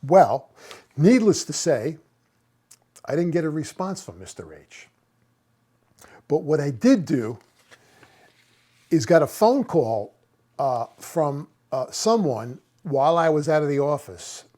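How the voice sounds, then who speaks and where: Older man in his seventies, fed up, mellow tone, slightly high pitch, halting retelling. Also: animated. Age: 70s. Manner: exasperated, retells conversations, many restarts. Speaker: master plumber. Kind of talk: casual storytelling vlog.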